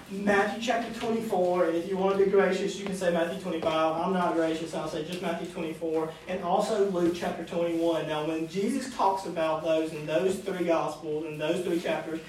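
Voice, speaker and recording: A man's voice: sits high, steady tone, moderate pace, hardly any pauses. A man teaching a youth Bible study in a casual, conversational way, often asking the class questions. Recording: echoey room, distant mic, faint noise.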